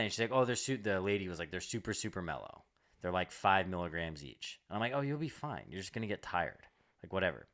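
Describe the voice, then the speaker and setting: A man's voice: low voice, a bit bright. A young man co-hosting a comedy podcast, telling a long story in casual chat, rambling with lots of "like" and swearing.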